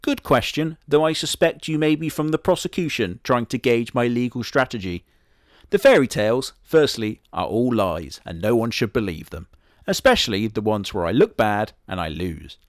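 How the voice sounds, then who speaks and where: A smug, boastful immortal wolf, voiced by a man, talks in a flat, matter-of-fact manner with a Southwest English accent. His voice sits mid-range for a man. It is recorded close and dry, with almost no room sound. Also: mid-range voice, moderate pace, no echo, natural voice. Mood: deadpan. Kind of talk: comedy sketch character monologue.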